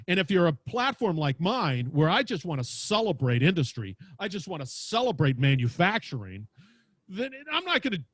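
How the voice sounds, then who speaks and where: A man with a big booming voice telling stories animatedly as a podcast guest, acting out quotes as he talks. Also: no room sound. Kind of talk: lively storytelling interview. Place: home studio with lights.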